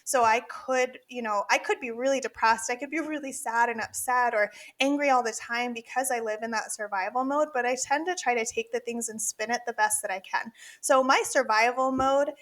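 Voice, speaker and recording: Woman co-host, forties, candid chatty delivery, a bit higher voice. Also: brisk, hardly any pauses, fairly bright tone. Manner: candid, chatty, laughs often, many fillers. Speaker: podcast co-host, dental practice consultant. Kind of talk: casual podcast chat.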